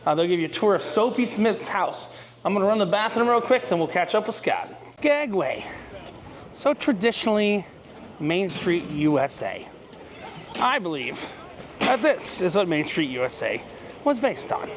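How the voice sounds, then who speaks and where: High-voiced chatty man vlogging outdoors. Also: sing-song, moderate pace. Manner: chatty, rambling, jokey tour guide. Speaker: travel vlogger and host. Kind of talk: casual walking-tour commentary. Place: outdoors on a cruise ship and walking through a small town. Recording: noisy outdoor recording with passing vehicles.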